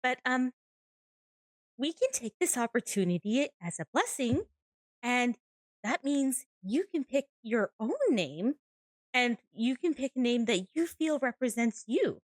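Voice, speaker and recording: A woman's voice: a little high, lively intonation, unhurried, no echo. A woman playing a tabletop game, speaking earnestly and apologetically with some stammering. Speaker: player. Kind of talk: in-character tabletop play.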